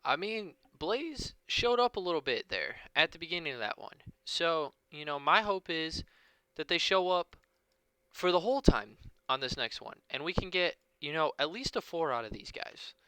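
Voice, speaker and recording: A man's voice: a little high, lively intonation, moderate pace, sharp tone, smooth, dry recording. A young man co-casting a game, laid-back and playful as he breaks down the play. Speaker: esports co-caster. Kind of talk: casual game commentary.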